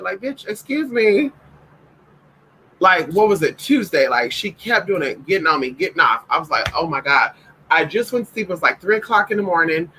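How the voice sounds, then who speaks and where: A man's voice: sits high, pushed and bright, a little hiss or hum, poor audio. A man chatting casually in a home vlog, sassy and profane, talking to viewers and calling his dogs. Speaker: vlogger.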